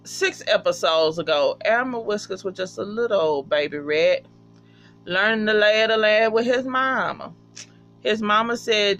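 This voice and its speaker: A vlogger casually recapping a TV episode, profane and animated, acting out the characters' lines. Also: medium pitch, moderate pace, soft background music. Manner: profane, animated, acts out quotes. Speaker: TV episode reviewer.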